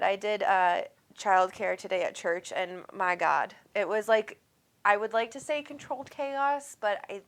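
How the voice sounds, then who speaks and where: A woman with a Minnesotan accent hosting a spiritual livestream, chatting casually and affectionately as she reads viewer comments aloud, with plenty of ums. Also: medium pitch. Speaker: spiritual medium and livestream host.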